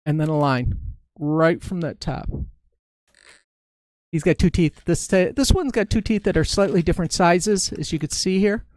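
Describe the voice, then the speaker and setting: A man's voice: fairly high pitch, normal speed, a little mellow, no echo. A man casually talking viewers through drawing a face on a balloon in a live-stream tutorial, narrating each step as he goes. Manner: chatty, talks through each step as he draws.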